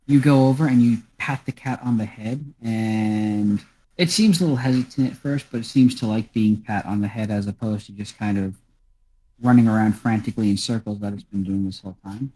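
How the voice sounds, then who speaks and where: A man's voice: fairly low pitch, a little fast, dark tone, husky. A man narrating a tabletop role-playing game as game master, in a casual, chatty way.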